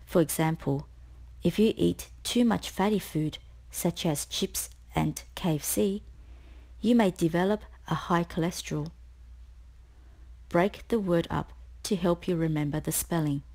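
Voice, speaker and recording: A woman tutor reading a scripted spelling lesson, explaining each word slowly and clearly. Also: fairly low pitch, a little mellow. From Australia. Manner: slow, clear, deliberate explanations.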